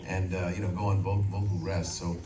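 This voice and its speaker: A man in his sixties, a voice actor telling animated stories on a convention panel and slipping into character voices. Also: sits low, fairly quick. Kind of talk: anecdotal panel storytelling. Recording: echoey hall from far off, loud crowd.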